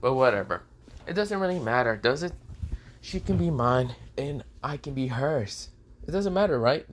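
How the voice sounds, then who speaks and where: A man's voice: mid-range voice, expressive, moderate pace, slight background noise, close to an everyday voice. A man voicing a shameless, cocky young man who talks in a casual, teasing way.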